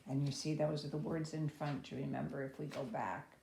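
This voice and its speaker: A woman's voice: fairly even intonation, brisk, gravelly, mellow, slight background noise. A woman reading a children's chapter book aloud, lifting her voice for the characters' lines. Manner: voices each child's lines with raised pitch and energy. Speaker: storybook reader. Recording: echoey room.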